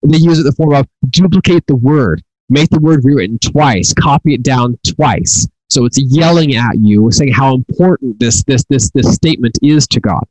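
A man's voice: mid-range voice, normal speed, hardly any pauses, a little mellow, dry recording, poor audio. A middle-aged man teaching from the Torah in an earnest way, often repeating and restarting his words. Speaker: Bible teacher.

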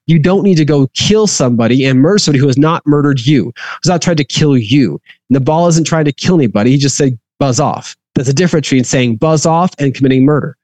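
A man's voice: on the high side, darkish tone, no echo. A man reading a scripture passage aloud and then explaining it in a conversational teaching manner. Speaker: Bible teacher.

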